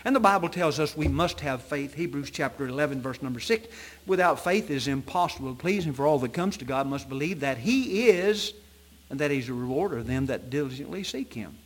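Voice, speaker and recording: A man preaching an evening sermon in a church, reading scripture in old-fashioned wording and swinging between loud emphatic peaks and low, soft passages. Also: expressive, brisk. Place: church sanctuary at an evening service.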